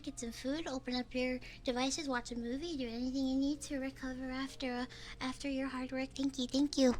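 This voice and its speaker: A young woman streaming from home and chatting with her viewers, her voice high and sharply bright. She is excitable and laughs often, cursing and pleading with the chat. She is recorded up close on a binaural microphone. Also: slight background noise. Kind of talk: casual live-stream chat. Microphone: binaural ASMR microphone.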